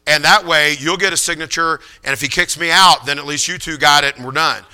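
A man preaching, spinning a personal story with animated, conversational energy. His voice is very bright and ringing, smooth and clean, sitting a touch high for a man. He restarts phrases and repeats himself as he builds the tale. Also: brisk. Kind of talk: sermon storytelling.

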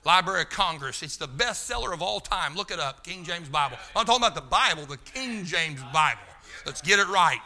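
Preacher guy, folksy and fired up, slightly high voice, shouts now and then. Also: animated, a little fast. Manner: fervent, folksy, rising to shouts; loses his place, talks to the room. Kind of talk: sermon.

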